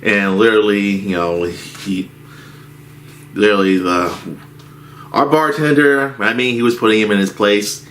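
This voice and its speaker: A man with a low-pitched voice tells a rambling workplace story in a casual rant. He talks slowly, circling back and restarting his sentences. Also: fairly even intonation, a bit bright, slight background noise. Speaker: movie theater worker.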